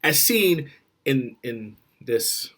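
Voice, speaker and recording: Husky guy ranting dating advice, swears a lot, voice jumps all over. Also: medium pitch, very slow. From Florida. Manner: profane, animated, swings loud and quiet. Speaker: vlogger. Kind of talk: blunt advice rant to camera.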